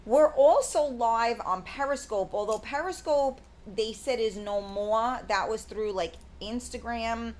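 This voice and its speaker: Woman host; slow, rambling, loose live-stream patter. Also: on the high side, darkish tone. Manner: rambling, with many fillers. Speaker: talk show host. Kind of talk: casual live-stream chat.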